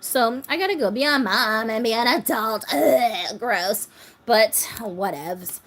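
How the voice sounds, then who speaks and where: A woman's voice: a little high, slow, a bit bright. A woman in her thirties hosting a doll channel, chatting casually on a phone livestream, laughing often and reading viewer comments aloud. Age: 30s.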